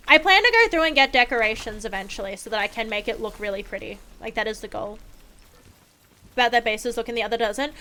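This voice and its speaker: Her fairly high voice is pushed and bright as this young woman talks fast and animatedly during a live gaming stream. She casually banters with viewers in a playful, sarcastic manner, swearing freely.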